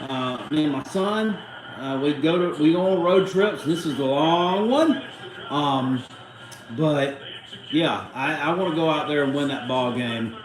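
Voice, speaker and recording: A man's voice: a little high, a little slow, roomy sound, noisy background. A middle-aged man, hosting a live watchalong stream in a casual, rambling way and cussing freely. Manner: rambling, salty, cusses freely. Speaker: livestream host.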